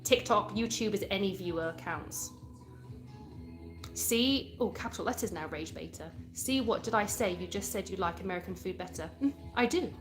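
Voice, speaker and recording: A woman's voice: mid-range voice, expressive, moderate pace, music in the background. Chatty British woman hosting a live stream. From England. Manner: chatty, reads viewer comments aloud and answers them. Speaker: livestream host. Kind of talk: casual live chat reading comments.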